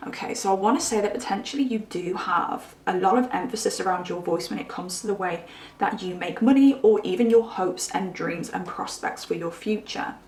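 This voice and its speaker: A woman's voice: mid-range voice, a little fast, a little mellow. A woman giving a chatty pick-a-card tarot reading, musing aloud with frequent asides. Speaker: tarot reader. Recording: roomy echo.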